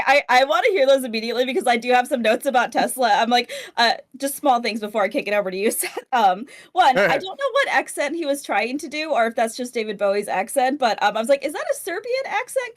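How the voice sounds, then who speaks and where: A woman's voice: a little high, lively intonation, fast talker, few pauses. A woman co-hosting a podcast in casual chat, giggly and rambling with lots of filler. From United States. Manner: giggly, rambling with many ums. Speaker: podcast co-host.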